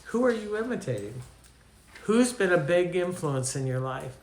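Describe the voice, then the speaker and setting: A man's voice: sits high, big pitch swings, normal speed, a little mellow, reverberant. An older man from Canada preaching a teaching sermon, telling anecdotes in a conversational way and asking his listeners questions. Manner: storytelling, conversational, asks the audience questions.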